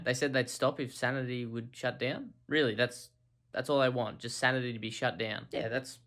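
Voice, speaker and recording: A man delivering a rambling, deadpan comedy monologue full of deliberate restarts. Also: medium pitch. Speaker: comedy creator.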